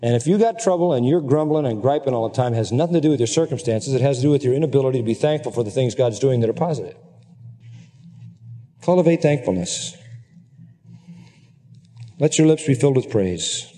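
A middle-aged man preaching a sermon, earnest and emphatic, at times climbing into high, excited exclamations. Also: a little fast, long pauses. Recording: long hall reverb.

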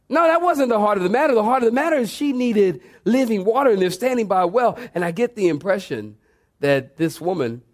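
A man preaching a sermon, telling the story in an animated way that swings between excited and low, emphatic delivery. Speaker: pastor.

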